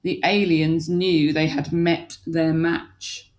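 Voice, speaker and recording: A woman's voice: low voice, little pitch movement, takes it slowly. Woman reading a picture book aloud. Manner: warm, questioning the children. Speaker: teacher reading to a class.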